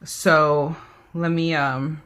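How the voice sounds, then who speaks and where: Woman vlogging a makeup haul live, bright voice, a bit low, says y'all a lot. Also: flat delivery, extremely slow. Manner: chatty, reads viewer comments aloud, says "y'all". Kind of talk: casual live-stream chat.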